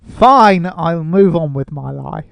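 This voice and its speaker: A man's voice: a little high, normal speed, gravelly, darkish tone, dry recording. A man co-hosting a casual podcast, sarcastic and mock-indignant. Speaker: podcast co-host.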